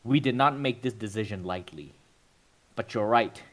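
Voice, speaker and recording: Male GM voicing a solemn female superhero leader, calm, measured delivery. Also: fairly low pitch, natural voice.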